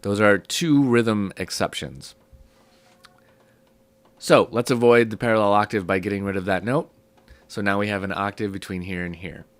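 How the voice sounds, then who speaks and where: A man teaching music theory in a relaxed, step-by-step way, his voice low and rough from a cold, with many ums. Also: normal speed, pauses often. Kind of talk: casual spoken lesson.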